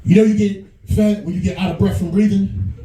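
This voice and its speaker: Crude New York comic, echoey bar. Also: male voice, fairly even intonation, brisk, recorded from a distance, background noise. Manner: loose, crude, switches into high put-on voices. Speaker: stand-up comedian headlining a bar. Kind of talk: stand-up comedy set. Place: small bar comedy stage.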